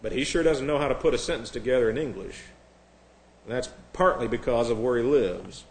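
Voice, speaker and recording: Sarcastic preacher in an echoey room. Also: male voice, mid-range voice, brisk. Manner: sarcastic, mocking. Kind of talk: sermon.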